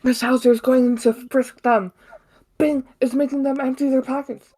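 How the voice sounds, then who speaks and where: A woman's voice: high-pitched, steady tone, normal speed, warm tone. A woman giving playful, exaggerated running commentary during a play reading. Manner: joking, exaggerating, frequent laughter.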